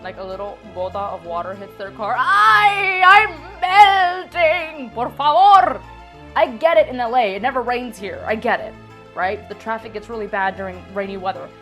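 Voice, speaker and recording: A young woman vlogging a comedic countdown, playful and animated, tossing in Spanish words. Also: medium pitch, fast, faint music behind. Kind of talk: casual comedic countdown vlog. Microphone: lapel mic.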